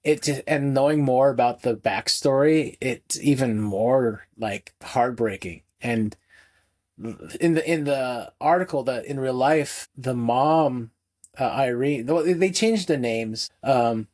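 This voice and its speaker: A man's voice: medium pitch, slow pace, a little mellow. A man co-hosting a film podcast, talking casually and rambling, with many restarts. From United States. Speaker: podcast co-host. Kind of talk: casual film review chat.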